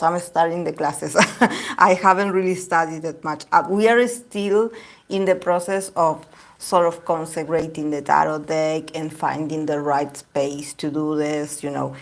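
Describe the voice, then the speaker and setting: A woman whose first language is Spanish, giving a casual tarot reading to camera and often searching for words. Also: lowish voice. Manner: hesitant, searching for words, many fillers. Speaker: tarot reader.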